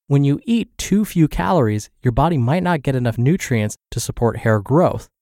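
A man's voice: medium pitch, normal speed, no room sound. Congested male podcast narrator, dry sound. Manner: steady, informative reading. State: congested and scratchy from flu. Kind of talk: reading blog posts aloud.

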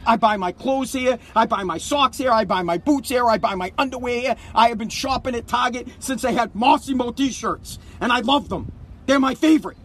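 A man's voice: extremely high pitch, a bit bright, slight background noise. A middle-aged man angrily ranting into his phone outdoors outside a store, repeating himself and hammering each point. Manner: heated, repetitive, emphatic ranting. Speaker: vlogger protesting outside a store. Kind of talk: angry ranting vlog.

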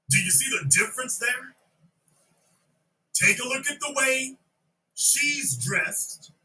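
A man hosting a podcast, loudly riffing on a video he is watching, repeating lines and shouting his jokes. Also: very high voice, distant mic, low-quality recording. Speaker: podcast host. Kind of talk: loud comedic video commentary.

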